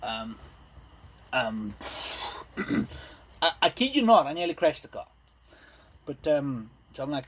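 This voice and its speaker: A man in his thirties doing a rambling, self-deprecating stand-up set, full of ums and pauses. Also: fairly high pitch, big pitch swings. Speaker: stand-up comedian. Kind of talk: stand-up set streamed live. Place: indoors at home.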